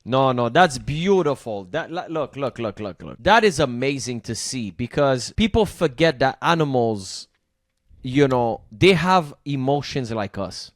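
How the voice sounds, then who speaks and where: A man co-hosting a reaction video, talking in an emotional, animated way and repeating words as he reacts. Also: medium pitch, unhurried, no echo. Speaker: co-host of a reaction channel. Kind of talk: casual reaction chat.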